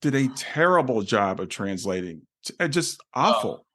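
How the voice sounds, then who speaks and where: A man's voice: medium pitch, big pitch swings, moderate pace, sharp tone. Earnest man hosting a podcast. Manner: earnest, thinking aloud with restarts. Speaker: podcast host. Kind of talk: casual conversation.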